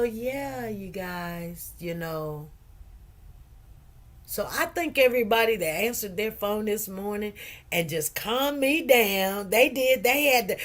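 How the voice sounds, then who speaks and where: A woman telling a story in casual chat, laughing often and acting out what others said. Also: a little high. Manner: animated, laughing, quotes others in changing voices. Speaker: host.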